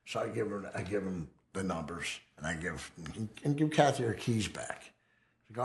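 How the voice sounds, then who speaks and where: A middle-aged man, telling his story in an interview in a profane, animated way. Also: on the low side, normal speed, creaky, slight background noise.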